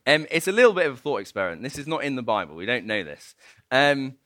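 A man preaching a sermon and telling a story in an animated, playful way, often laughing. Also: medium pitch, fast, no room sound.

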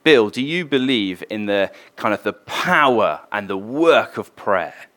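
A man voicing a male atheist club leader who asks steady, pointed questions. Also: on the low side, measured pace. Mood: probing.

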